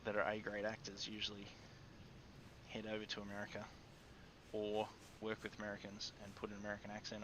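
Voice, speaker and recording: A man's voice: fairly low pitch, noisy background. A man with an Australian accent, co-hosting a casual livestream and rambling with frequent restarts. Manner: rambling, restarts often, chuckles between thoughts. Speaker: co-host. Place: studio.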